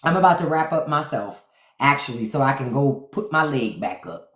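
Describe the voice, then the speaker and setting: Live-stream host, woman, sassy and mocking, pitch swinging widely, echoey room. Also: sing-song, normal speed, fairly bright tone. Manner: sassy, mocking, talks straight to her viewers. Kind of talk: casual live-stream commentary.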